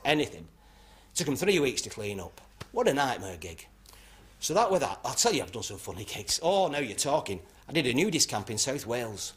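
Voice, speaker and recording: A man's voice: mid-range voice, very animated, fairly quick, natural voice. A man playing a brash club comic. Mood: cheeky. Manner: rambling anecdotes with punchlines. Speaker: club comedian. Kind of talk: stand-up routine.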